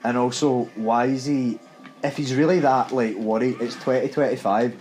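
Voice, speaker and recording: A man's voice: medium pitch, fairly even intonation, normal speed, a little mellow, soft background music, rough recording. A young Scottish man co-hosting a gaming podcast, telling a story in casual, laughing chat.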